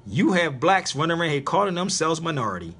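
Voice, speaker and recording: A man's voice: fairly high pitch, big pitch swings, quick pace, fairly bright tone, husky. A man hosting a live internet radio stream, lecturing in an emphatic, preachy way and repeating his points.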